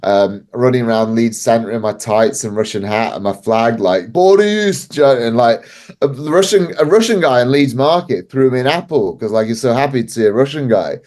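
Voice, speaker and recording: With a medium-pitched, slightly mellow voice, a man guesting on a podcast as a wrestling promoter tells casual stories at a moderate pace, barely pausing. He laughs frequently and fills his sentences with "like."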